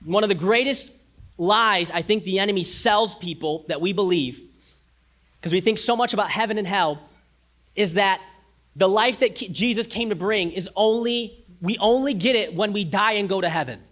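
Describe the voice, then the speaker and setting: A man pastor delivers a sermon in a high-pitched voice. He swings from loud, pressing emphasis to quiet lines that are almost whispered, and he repeats key phrases to drive them home. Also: moderate pace.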